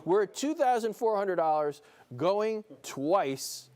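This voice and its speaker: A man's voice: sits high, animated, slow pace, darkish tone. A man with a New Jersey accent hosts a live broadcast auction, calling bids in a playful, enthusiastic way and chuckling between calls. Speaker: auctioneer and show host. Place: studio room with a small audience.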